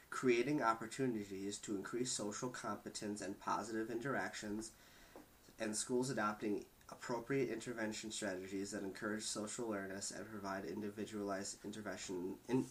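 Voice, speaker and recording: A man with a somewhat low voice reads out percentages and research findings in a steady, measured way. He stumbles slightly now and then, but his delivery stays even and informative. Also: low-quality recording. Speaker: podcast host reading statistics. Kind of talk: reading statistics aloud in a casual discussion.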